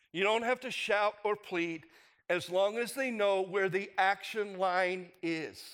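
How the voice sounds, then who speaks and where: A man's voice: high-pitched, a bit bright, clear, resonant tone. A middle-aged man preaching a sermon in a conversational way, asking the congregation rhetorical questions. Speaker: pastor.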